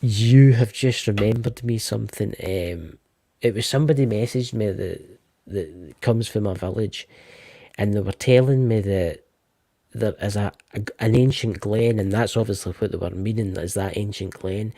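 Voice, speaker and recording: Chatty Scottish man, low voice. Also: moderate pace, dark tone, no room sound. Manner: chatty, repeats words when restarting. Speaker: co-host. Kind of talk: casual live-stream chat about ghost lore. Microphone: remote live-stream call.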